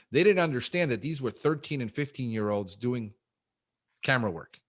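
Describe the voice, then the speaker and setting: A man talking casually in an interview, animated and fast, acting out little quotes and calling the host bro. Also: mid-range voice. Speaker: guest, pest control business owner.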